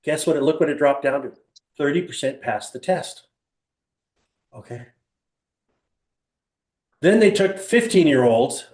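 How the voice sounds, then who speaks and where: A man's voice: fairly high pitch, unhurried, pauses often, roomy sound. An older man teaching a live motivational seminar to an audience in a small room, telling stories and asking the audience questions. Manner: animated storyteller, rhetorical questions, acts out other people.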